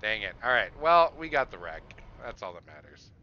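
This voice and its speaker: A man's voice: lowish voice, very animated, normal speed, muffled recording, slight background noise. A man streaming a game live, commenting casually as he plays, chatting to viewers and chuckling often. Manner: chuckles often, chats to viewers while playing.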